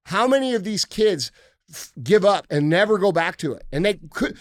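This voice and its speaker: A man's voice: high-pitched, expressive, moderate pace, no echo, clean studio sound. A man hosting a podcast in casual talk, ranting bluntly and heatedly with plenty of swearing. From United States. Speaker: podcast host.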